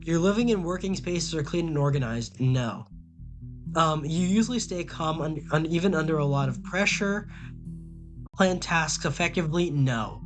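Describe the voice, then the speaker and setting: Reading quiz questions aloud on a casual stream, a young man with a slightly high voice fumbles through his answers. He rambles, gets flustered, stammers and repeats himself a lot.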